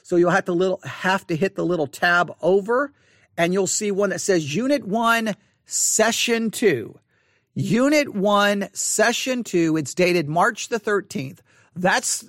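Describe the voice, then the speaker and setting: Male Bible teacher, high voice, dry close sound, earnest and repetitive, online lesson. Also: fairly bright tone, no room sound. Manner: repetitive, earnest, restarts and emphatic slow repeats.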